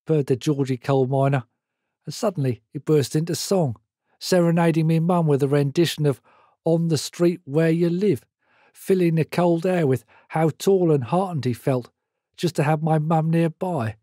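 An older man reading his own memoir aloud in a measured storytelling manner. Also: on the high side, dark tone, no echo, studio quality. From Britain. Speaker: memoir author.

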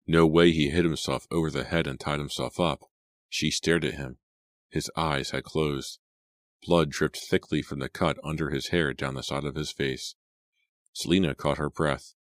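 A man narrating a horror audiobook in a measured, suspenseful read on a close mic. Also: extremely low pitch, fairly even intonation, dry recording.

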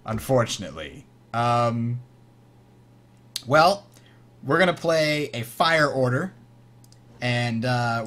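A young man hosting a board game tutorial, explaining rules as he plays, enthusiastic and quick to laugh. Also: medium pitch, fairly bright tone.

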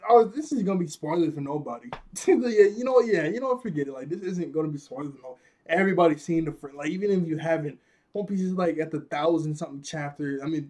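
A man's voice: a little high, a little mellow. A man casually recapping an anime episode, rambling and laughing often as he acts out characters' lines. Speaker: anime reviewer.

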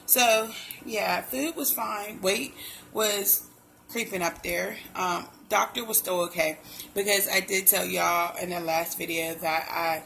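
A woman's voice: fairly low pitch, steady tone, slow, creaky, a bit bright, slight background noise, poor audio. A young woman talking casually to her viewers in a pregnancy vlog, loose and chatty, calling them y'all. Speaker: pregnancy vlogger. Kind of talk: casual chat to camera.

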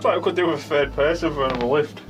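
A man's voice: a little high, racing, over music. A man bantering and swearing while helping lift heavy furniture. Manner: joking, sweary.

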